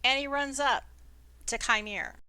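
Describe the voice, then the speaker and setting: A woman running a tabletop game as dungeon master, chatting casually and throwing in playful sound effects. Her voice is bright and a touch high, and it sits close and dry over an online call. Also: a little slow, clear, resonant tone, dry recording.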